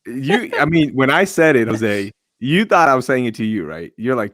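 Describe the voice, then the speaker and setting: Podcast host, male, upbeat and playful; dry close sound, mid pitch. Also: very animated, moderate pace, a bit bright, dry recording. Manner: upbeat, playful, laughs often. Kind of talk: casual chat.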